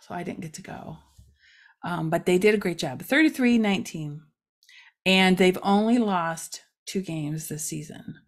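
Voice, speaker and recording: A middle-aged woman hosting a casual community update for a local news site, chatty and rambling with many fillers. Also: medium pitch.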